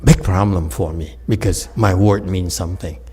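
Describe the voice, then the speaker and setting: A man's voice: low-pitched, steady tone, moderate pace, darkish tone, breathy edge. A man, a Buddhist meditation teacher, giving an informal dharma talk, telling stories with jokes and frequent laughter and talking straight to his listeners. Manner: jokey, laughs often, talks straight to listeners.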